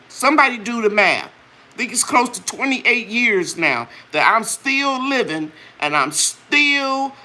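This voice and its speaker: An older woman speaks in a sharp, medium-pitched voice as host of a live chat. Earnest and preachy, she tells viewers directly about her personal testimony with religious fervor, then talks up her own products.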